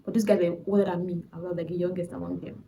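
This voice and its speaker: A young woman with a Nigerian accent telling a personal faith testimony in a chatty, animated way, often restarting her sentences. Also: fairly low pitch, fast, gravelly, a little hiss or hum, rough recording. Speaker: vlogger.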